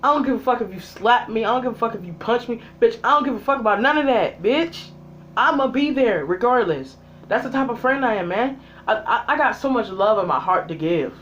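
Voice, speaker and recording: A vlogger in a profane, angry rant, sounding heated and exasperated and talking straight at the people being ranted about. The voice swings between loud outbursts and low, muttered asides. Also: animated, fairly quick, a little hiss or hum. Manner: heated and exasperated, heavy swearing, talks straight at the absent characters. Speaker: vlogger reviewing a TV series.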